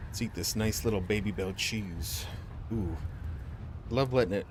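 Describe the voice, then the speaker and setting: A man's voice: fairly low pitch, measured pace, background noise. A man casually chatting and joking while streaming a video game, playful and chatty with silly sound effects. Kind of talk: casual gameplay commentary.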